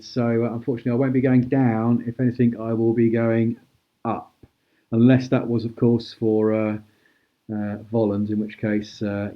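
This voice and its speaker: A man hosting a live-stream auction, chatty and brisk as he calls out prices and thanks bidders. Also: mid-range voice, lo-fi sound. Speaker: host auctioning cards.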